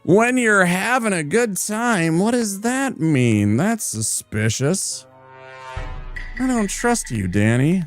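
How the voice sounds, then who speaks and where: Playful higher-voiced male streamer. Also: big pitch swings, slow pace, soft background music. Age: adult. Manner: playful, teasing, chatty. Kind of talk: casual gameplay commentary.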